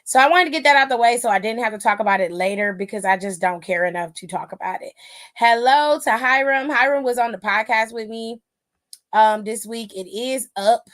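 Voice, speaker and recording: A woman's voice: fairly high pitch, steady tone, brisk, fairly bright tone. A young woman hosting a casual live-streamed wrestling recap, talking bluntly and with plenty of cursing. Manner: blunt, profane, dismissive. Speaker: wrestling aftershow host.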